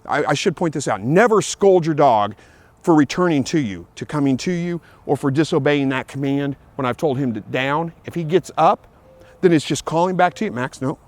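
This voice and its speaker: A man's voice: a little high, lively intonation, fairly quick. A man talking casually outdoors about training his dog, plain and easygoing, repeating himself and calling out commands to the dog now and then. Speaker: dog owner giving training tips. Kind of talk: casual outdoor vlog talk. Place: outdoors in a field.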